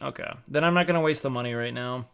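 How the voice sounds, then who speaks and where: A man's voice: medium pitch, fast, creaky, a bit bright, clean tone. A young man streaming, chatting casually and loosely with his chat, swearing and using lots of fillers. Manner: loose, profane, rambling with many fillers.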